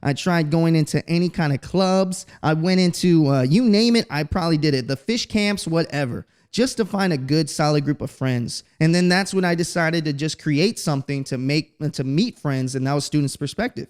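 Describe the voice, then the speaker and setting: A man's voice: a little high, moderate pace, hardly any pauses, clean tone. A man from Texas hosting a podcast, telling stories in a casual, slangy, profane way. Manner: profane, slangy, animated storyteller. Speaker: podcast host. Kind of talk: casual storytelling monologue.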